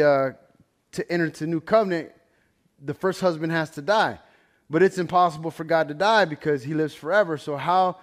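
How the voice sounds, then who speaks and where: A man with a slightly higher-than-average voice leads a Bible study in a loose, chatty sermon. He tells stories animatedly, swinging between loud and quiet, and keeps asking his listeners "right?". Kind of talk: casual sermon storytelling.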